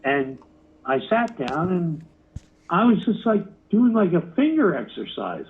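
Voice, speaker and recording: Male rock musician, animated and profane, high voice; thin phone-line sound. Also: unhurried, slightly rough. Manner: swears freely, acts out quotes. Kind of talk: animated storytelling interview. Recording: phone-like narrow audio.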